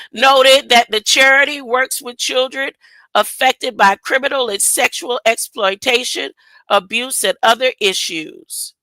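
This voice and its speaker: A woman commentating online reads a news piece in a sharp, high-pitched voice, drawing out her slow delivery, tripping on words and laughing at herself as she rambles. The audio is dry and poor.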